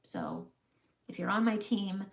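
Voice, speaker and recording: Woman vlogger, casual heartfelt talk to camera, teary and laughing by turns, mid-pitched voice. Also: huge pitch swings, takes it slowly. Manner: emotional, tearful at times, laughs often. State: close to tears. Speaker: makeup vlogger.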